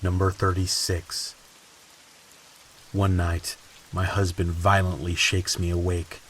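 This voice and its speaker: A man reading creepy stories in a slow, ominous scripted narration. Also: sits low, level tone, fairly bright tone, poor audio. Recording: faint hiss and rain sounds behind. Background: rain ambience.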